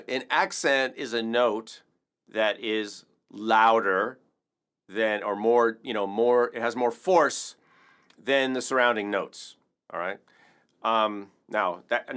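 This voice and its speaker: A man's voice: fairly low pitch, a bit bright, smooth. A man teaching a casual rhythm lesson, upbeat and chatty, counting beats aloud. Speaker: percussion teacher.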